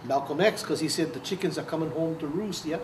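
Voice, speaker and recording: Fast and a little high, the voice belongs to an older man who was once an activist, storytelling in an oral history interview. He laughs frequently and imitates what others said. The recording is roomy and off-mic, with faint noise behind him.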